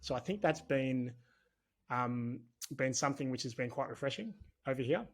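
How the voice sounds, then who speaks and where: A man's voice: medium pitch, animated, moderate pace. Chatty Australian man, podcast guest. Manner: chatty and candid, rambling with restarts. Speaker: podcast guest, business owner. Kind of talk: casual conversational interview.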